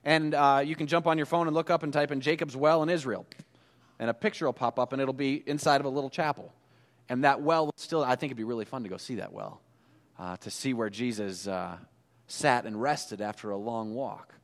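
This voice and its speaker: A man preaching a sermon in a relaxed, conversational way, telling the story with animated asides. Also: medium pitch, brisk, in a large hall. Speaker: pastor.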